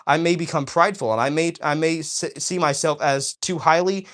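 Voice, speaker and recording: A man's voice: fairly high pitch, a little fast, fairly bright tone. A man hosting a casual livestream, talking straight to his viewers in an enthusiastic, preachy way and often asking "all right?". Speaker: livestream host. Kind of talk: casual livestream chat, reading chat aloud.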